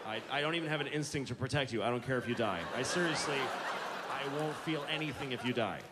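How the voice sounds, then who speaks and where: A man's voice: medium pitch, quick pace, over a noisy crowd, very noisy. A man doing a stand-up comedy routine on stage, ranting in an exasperated, profane way.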